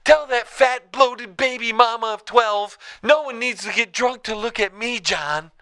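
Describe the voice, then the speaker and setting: A man's voice: extremely high pitch, unhurried, pushed and bright, clear, resonant tone, dry recording, clean studio sound, pitched above the performer's own voice, full character voice. A man voicing a vain, catty woman caller trading insults on a comedy radio show.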